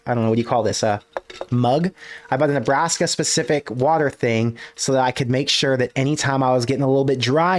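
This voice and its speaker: A man hosting a solo sports livestream from his desk, ranting in an animated, casual way with some swearing. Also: mid-range voice. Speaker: sports podcast host. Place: home desk.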